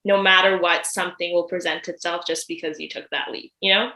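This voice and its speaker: Chatty upbeat woman hosting a podcast, bright voice, kinda echoey room. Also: on the low side, steady tone, a little fast, vocal fry. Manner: chatty, upbeat, says "like" and "you know" a lot. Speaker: podcast host. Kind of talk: casual interview.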